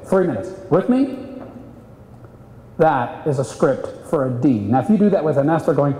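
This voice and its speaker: A man coaching salespeople at a live seminar, animated and acting out client voices. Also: fairly high pitch, moderate pace, pauses often. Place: seminar room. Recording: echoey hall, voice from a distance.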